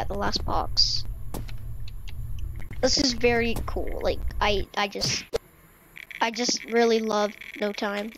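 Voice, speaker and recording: A young woman talks through her game in a loose, rambling way, stumbling over words and filling gaps with fillers. Her voice sits high. A faint noise hums under the desk-mic recording. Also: low-quality recording. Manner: rambling, stammers, many fillers. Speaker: gaming YouTuber. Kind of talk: casual let's-play commentary. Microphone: desk microphone.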